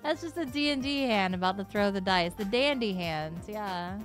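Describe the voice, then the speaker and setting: A woman's voice: mid-range voice, animated, moderate pace, soft background music. Giggly woman chatting on a stream. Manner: giggly, rambling, talks to chat. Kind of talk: casual stream chat.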